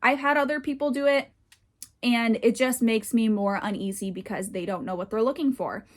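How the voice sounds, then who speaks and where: A woman's voice: fairly high pitch, normal speed. A woman hosting a podcast in casual chat, rambling a bit with lots of fillers, a little winded and tired. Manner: chatty and rambling with frequent fillers. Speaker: podcast host. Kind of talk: casual chat reacting to online posts.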